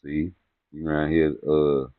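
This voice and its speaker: With a very deep voice and a completely flat, unhurried delivery, a man rants casually to camera about boxing personalities, rambling, cursing, teasing others and laughing at his own jokes. He's a boxing commentary vlogger, and the dry, tinny recording sounds phone-like, with no room sound.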